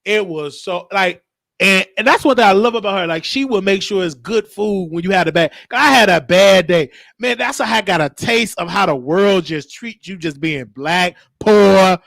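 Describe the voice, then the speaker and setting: Brief: emotional, rambling show host from Chicago, gravelly voice, dry close recording. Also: male voice, high voice, moderate pace, a bit bright, no echo. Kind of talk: personal storytelling in an interview.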